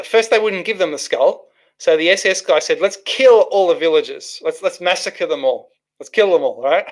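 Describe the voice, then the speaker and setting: A man's voice: on the high side, a bit bright. A man hosting a casual livestream, reading out chat comments and rambling with many restarts and fillers.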